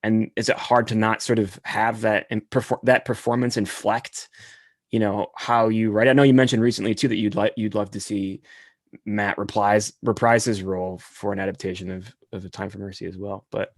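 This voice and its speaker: A man from Michigan hosts a bookstore interview over a video call. His voice is low and dry, and he asks his questions hesitantly, stumbling over his words. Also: steady tone, moderate pace, dry recording. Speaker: bookstore event host.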